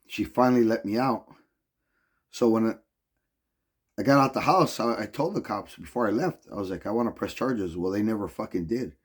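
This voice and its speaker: A man's voice: on the low side, darkish tone. A man talking straight to camera in a casual vlog, telling a rambling story in an agitated way and swearing constantly. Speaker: vlogger.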